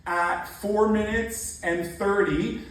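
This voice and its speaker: A man's voice: high-pitched, fairly even intonation, slow pace, fairly bright tone. A man compering a stand-up night, talking in a loose, self-mocking way with many halts. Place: comedy club. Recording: echoey club from far off.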